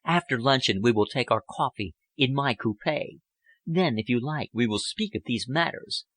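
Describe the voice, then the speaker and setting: A man voicing a poised, worldly young woman who speaks in a languid, elegant, gently persuasive way. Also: medium pitch, expressive, moderate pace. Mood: coaxing.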